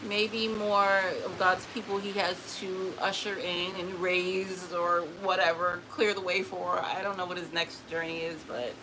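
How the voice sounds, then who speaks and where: A woman talking casually and emotionally to camera, often pausing to address an unseen spirit, with quick restarts and repeated words. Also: on the low side, little pitch movement. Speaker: spiritual vlogger. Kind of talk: casual personal talk to camera. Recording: noticeable background noise.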